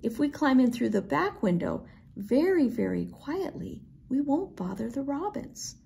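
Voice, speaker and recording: A woman voicing a clever, helpful little girl doll who talks in a hushed way, read from a storybook. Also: sits high, very animated, moderate pace, vocal fry, slightly rough, pitched above the performer's own voice, full character voice. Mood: scheming.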